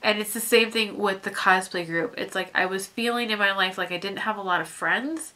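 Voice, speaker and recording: A young woman in a personal vlog, heartfelt and halting, near tears as she talks. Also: medium pitch, sharp tone. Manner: halting, heartfelt, many restarts and fillers. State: teary, fighting back tears. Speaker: vlogger.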